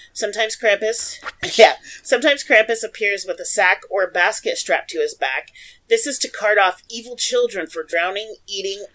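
A woman's voice: lowish voice, fairly bright tone, low-quality recording. A woman co-hosting a casual podcast, reading notes aloud, laughing often and stumbling over foreign names. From Oregon, USA. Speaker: podcast co-host.

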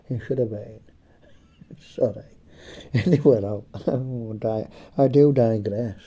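A man with a slightly hoarse voice telling a rambling, profane comic story, chuckling and tagging his lines with "eh?". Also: medium pitch, slow, warm tone. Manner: foul-mouthed, rambling, chuckling, tags lines with "eh?". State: a bit hoarse. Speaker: comedic storyteller. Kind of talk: profane comedic storytelling chat.

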